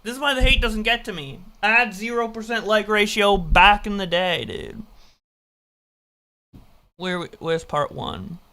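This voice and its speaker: A streamer reacting to an old video of their own stream, excitable, swearing and self-mocking. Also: mid-range voice, a little slow. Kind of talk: casual reaction commentary.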